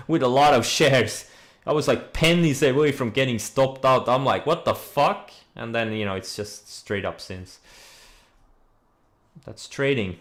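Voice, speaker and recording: A man's voice: medium pitch, fairly bright tone. A man hosting a casual trading livestream, talking bluntly and rambling, answering viewer questions as he goes. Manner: blunt, rambling, with frequent "you know" and "like"; reads viewer questions aloud and answers them. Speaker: stock trading streamer.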